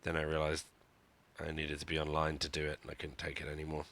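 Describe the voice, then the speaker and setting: Man, game streamer, live commentary, wry and joking, very low voice, bright dry sound. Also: monotone, fast talker. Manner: wry, joking, self-mocking. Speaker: gaming streamer.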